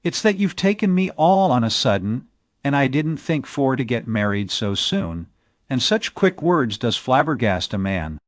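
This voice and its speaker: A man reading an audiobook, voicing a tall, shy young countryman who speaks in a halting, awkward rustic way. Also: medium pitch, very animated, dry recording. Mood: flustered. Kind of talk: audiobook character voice.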